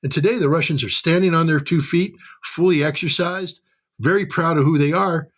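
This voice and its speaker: Blunt, husky-voiced American man ranting. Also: on the high side, moderate pace, fairly bright tone. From United States. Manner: blunt, profane, acts out mocking voices. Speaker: commentator guest. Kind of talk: heated political commentary.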